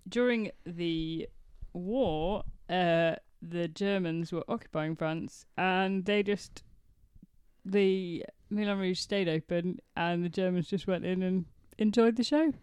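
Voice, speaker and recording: A woman's voice: lowish voice, takes it slowly, darkish tone, clean tone, no room sound. Giggly woman sharing trivia. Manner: giggly, enthusiastic storyteller. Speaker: podcast co-host. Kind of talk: casual chat.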